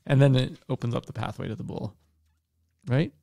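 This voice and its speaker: A man's voice: mid-range voice, brisk, vocal fry, warm tone. A man co-hosting a casual book podcast, retelling the plot in a loose, hesitant way. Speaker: podcast co-host.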